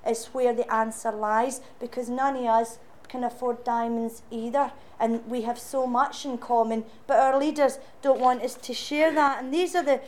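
A woman's voice: on the high side, steady tone, normal speed, hardly any pauses, darkish tone. A Scottish woman giving an impassioned public speech, rousing and sarcastic by turns. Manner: rousing, sarcastic rhetorical speaking. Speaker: political speaker.

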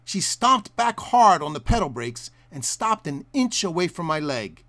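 A man narrating a documentary report in a measured storytelling way. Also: fairly high pitch, sing-song, pushed and bright.

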